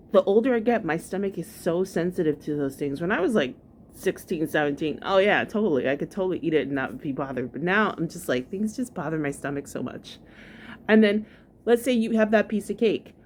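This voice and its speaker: Woman vlogger, gossipy reaction chatter, slightly low pitch, faint hiss behind. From New York. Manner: gossipy, chatty, lots of "like" fillers. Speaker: commentary vlogger. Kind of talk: casual reaction commentary.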